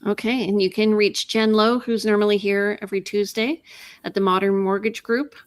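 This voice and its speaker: Woman host, real estate show, upbeat casual chat, mid pitch, dry close sound. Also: steady tone, moderate pace, no room sound. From Canada. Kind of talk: casual radio-style chat.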